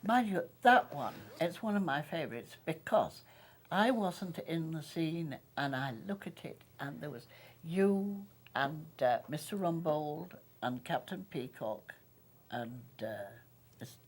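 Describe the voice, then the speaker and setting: Older woman, from Northern England, actress, animated storytelling, low voice, very lively melody. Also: unhurried, slightly rough. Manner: animated storyteller, laughs often. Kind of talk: reminiscing conversation.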